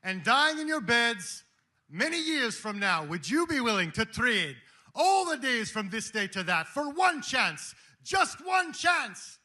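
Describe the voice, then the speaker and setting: A man acting out a medieval rebel leader rallying his troops in a loud battle speech. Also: extremely high pitch, very animated, normal speed, reverberant, pitched above the performer's own voice, heavily acted. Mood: rousing. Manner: rousing, shouted battle speech.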